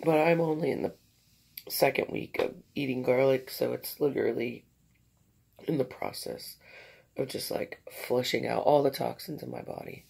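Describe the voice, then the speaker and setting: Woman vlogger, tired and raspy, gravelly fry, chatty and rambling while eating on camera. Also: a bass voice, fairly even intonation, moderate pace, darkish tone. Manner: rambling, chatty between bites. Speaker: mukbang vlogger. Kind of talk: casual eating vlog chat.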